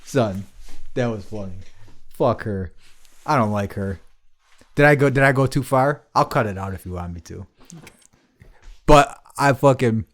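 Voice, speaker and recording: A man with a mid-pitched voice that swings up and down a lot as he talks. He is a podcast host telling loose, profane stories in casual conversation, piling on swear words and restarts. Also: animated, unhurried, long pauses. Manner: profane, rambling storytelling to an old friend. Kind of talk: casual chat.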